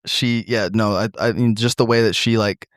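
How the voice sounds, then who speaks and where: A man's voice: lowish voice, steady tone, normal speed, no echo, clean studio sound. A young man hosting a casual podcast, swearing freely, stammering into restarts and laughing often. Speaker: podcast host.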